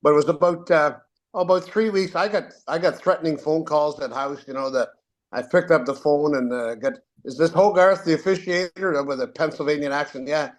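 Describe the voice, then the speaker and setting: Older Canadian man, rambling storyteller. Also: a little high. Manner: rambling, halting anecdotes with many fillers and restarts. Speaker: guest, retired hockey referee. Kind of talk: casual storytelling.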